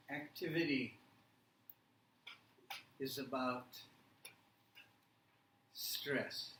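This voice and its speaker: A man teaching an English reading workshop, giving slow, deliberate instructions and checking in with "okay?" and "right?". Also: medium pitch, fairly bright tone, roomy sound, distant mic, a little hiss or hum.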